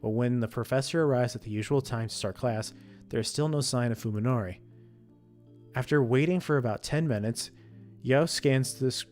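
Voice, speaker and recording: A man reading a visual novel's story text aloud, steady with frequent slips and self-corrections. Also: medium pitch. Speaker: let's play streamer reading a visual novel.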